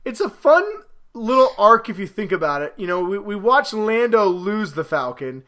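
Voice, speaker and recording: An excitable man hosts a casual podcast, rambling through stories and getting louder as they build. His voice sits high and sounds bright and forceful. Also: normal speed. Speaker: podcast host.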